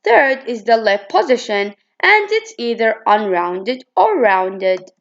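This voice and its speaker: A woman reads out a phonetics lesson in a fairly high voice with a gravelly edge of fry. She stumbles and restarts now and then as she goes through her slides. The recording sounds dull and lo-fi. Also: very animated, takes it slowly. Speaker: student presenter. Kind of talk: reading a phonetics presentation.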